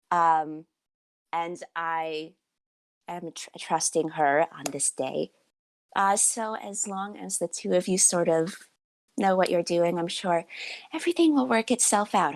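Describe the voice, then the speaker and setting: A woman's voice: lowish voice, no echo. A woman doing a poised young noble bride.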